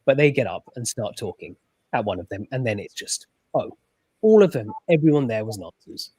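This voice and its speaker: A man who joins a casual chat as a guest and speaks in a halting, hesitant way. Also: mid-range voice, lively intonation, mellow, husky, dry recording, studio quality.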